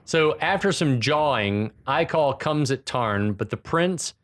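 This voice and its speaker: A man's voice: mid-range voice, expressive, a little slow. A man co-hosting a podcast, casually recapping a film's plot scene by scene with dry asides. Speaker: podcast co-host. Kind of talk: casual movie recap chat.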